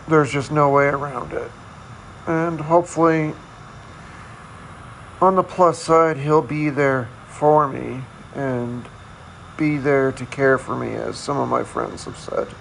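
A man hosting a casual solo podcast, talking in a candid, self-deprecating, halting way. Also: on the high side, vocal fry, a bit bright, slight background noise, low-quality recording. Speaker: podcast host.

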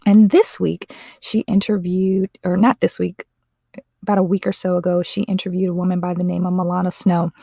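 A woman with a slightly low voice hosts her podcast in an earnest, heartfelt manner. She often stops to correct herself mid-sentence. The sound is dry and close. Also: little pitch movement, fairly quick, creaky, mellow, no echo. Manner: earnest, emotional, self-correcting. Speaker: podcast host. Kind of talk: casual podcast monologue.

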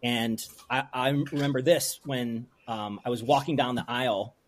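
A man's voice: medium pitch, fairly even intonation, normal speed, a little hiss or hum. A man in his forties, a brewery owner interviewed as a guest, talking openly and with feeling, rambling and restarting as he goes. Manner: open and heartfelt, rambling with restarts. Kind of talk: emotional interview conversation.

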